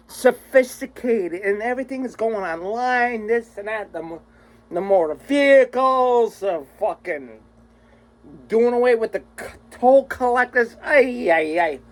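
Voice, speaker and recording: A man's voice: very high-pitched, expressive, unhurried, rough recording. A man vlogging a rambling, exasperated, profanity-heavy rant to his viewers. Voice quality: crude, swears constantly, exasperated.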